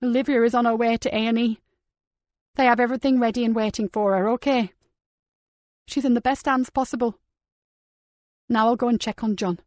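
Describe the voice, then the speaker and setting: A woman's voice: on the high side, fairly even intonation, fairly quick, pauses often, a little mellow, no room sound, close to an everyday voice. A woman narrator voicing a frantic, caring female police detective in an audiobook, urgent and scolding by turns. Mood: reassuring.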